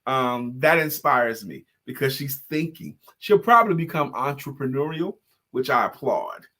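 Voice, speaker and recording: A man co-hosting a talk show, chatting casually and telling animated stories. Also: mid-range voice, normal speed. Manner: animated storyteller, acts out voices in jokes and stories. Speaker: podcast co-host. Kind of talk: casual chat with storytelling.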